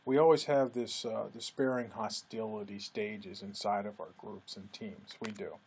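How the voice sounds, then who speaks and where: A man lecturing in a relaxed, conversational way, acting out quoted remarks with a lifted voice. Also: normal speed, slight background noise. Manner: conversational, acts out quoted speech with lifted pitch. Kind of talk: recorded lecture.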